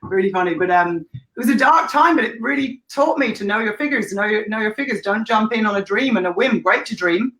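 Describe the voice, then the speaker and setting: Her voice is medium-pitched, fairly quick and a bit bright, with lively intonation, captured on a low-quality recording. She is from Ireland, in her thirties, and tells casual, candid stories as an interview guest, cursing freely and laughing a lot.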